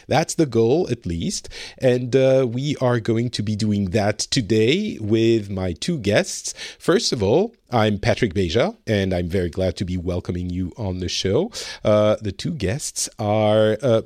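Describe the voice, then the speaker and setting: A man in his forties hosts a casual podcast with an easy, mid-pitched voice. He gets animated and laughs often, his voice leaping upward when excited. The sound is dry and close. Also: no room sound. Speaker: podcast host. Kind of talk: casual chat.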